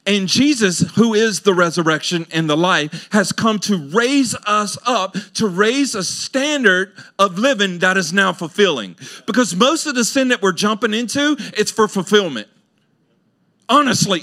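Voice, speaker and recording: A middle-aged man preaches a sermon in a church, his voice pitched high and ringing bright. He talks in a loose, colloquial way, acting out listeners' voices. He swings from loud, soaring exclamations down to quiet, low asides. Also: animated, normal speed. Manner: colloquial, acts out listeners' voices, laughs often. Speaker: pastor. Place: church sanctuary.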